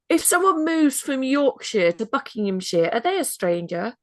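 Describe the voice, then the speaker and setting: A woman's voice: high voice, sing-song, normal speed, no room sound. A woman co-hosting a podcast, chatting casually with an emphatic, indignant manner. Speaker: podcast co-host. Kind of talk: casual chat.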